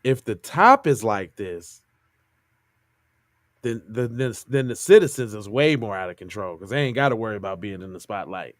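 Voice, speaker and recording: A man co-hosting a podcast, reacting to a news clip in animated, slangy casual talk. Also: on the low side, moderate pace, no echo. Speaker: podcast co-host.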